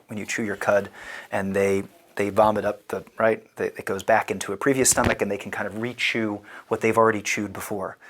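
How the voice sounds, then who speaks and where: A man in his thirties, a rabbi giving a casual lecture, chatty and digressive with lots of "you know" and "like". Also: fairly low pitch. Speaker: rabbi teaching a class.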